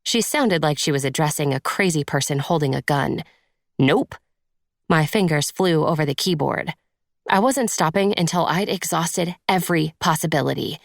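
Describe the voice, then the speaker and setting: Woman, audiobook narrator, first-person romance, measured storytelling, low voice, dry close sound. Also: gravelly, no room sound.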